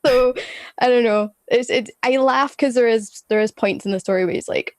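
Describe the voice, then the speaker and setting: A woman with a slightly high voice chats as a guest on a gaming podcast. Her sound is dry and close, and her tone is playful. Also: moderate pace, dry recording. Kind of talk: casual gaming podcast chat.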